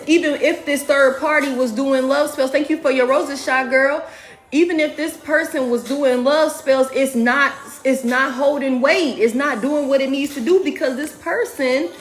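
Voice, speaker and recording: A high-voiced woman with a very animated, swooping delivery, reading tarot cards for her online audience. She talks in a casual, profane, chatty way. Her voice rings in an echoey room with faint music underneath. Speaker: tarot reader.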